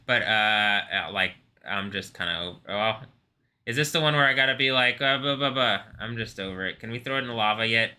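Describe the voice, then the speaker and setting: A man hosts a live stream in loose, rambling commentary, laughing often and swearing freely. His voice sits a little low, yet its tone is strikingly bright and sharp. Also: moderate pace. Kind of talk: casual reaction stream commentary.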